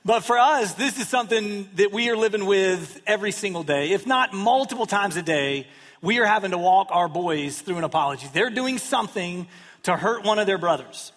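High-voiced pastor in a reverberant church. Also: male voice, lively intonation, normal speed, fairly bright tone. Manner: conversational, self-deprecating humor with acted-out quotes. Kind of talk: sermon. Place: church sanctuary. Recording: long hall reverb.

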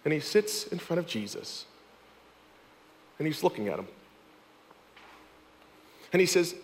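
A man preaching a sermon, telling a story dramatically and swinging between fervent and hushed passages, in a church hall. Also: a little high, very animated, measured pace, pauses often. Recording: echoey hall.

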